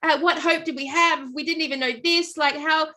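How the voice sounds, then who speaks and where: A middle-aged Australian woman telling a long story in casual chat, animated and rambling with many fillers and restarts. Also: high-pitched, a little fast. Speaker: podcast co-host.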